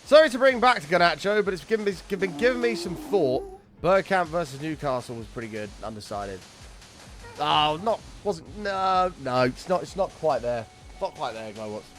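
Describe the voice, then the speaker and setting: Excitable guy streaming a game. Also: fairly high pitch, normal speed, soft background music. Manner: excitable, swears, chats with viewers by name. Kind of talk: casual live-stream chat.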